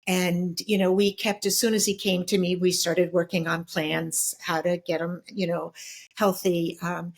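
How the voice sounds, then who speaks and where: Reflective middle-aged woman, slightly low voice. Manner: reflective, halting with fillers and restarts. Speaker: guest. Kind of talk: personal storytelling in an interview.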